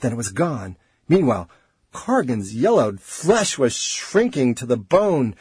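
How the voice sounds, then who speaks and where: Husky, expressive male audiobook narrator. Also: medium pitch, measured pace, dry recording.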